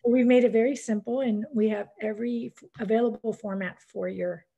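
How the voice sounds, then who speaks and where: Husky-voiced woman, an earnest author guest. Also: on the high side, fairly even intonation, fairly quick, mellow, dull audio. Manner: heartfelt and earnest. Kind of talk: casual interview chat.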